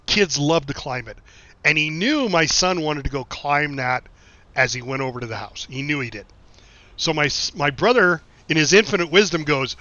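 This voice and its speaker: Bright-voiced rambling American streamer man. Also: fairly high pitch, normal speed. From United States. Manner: rambling anecdotes, frequent swearing and laughing asides. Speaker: game streamer reading chat. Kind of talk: casual live-stream chat and storytelling. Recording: dull lo-fi stream mic, dry.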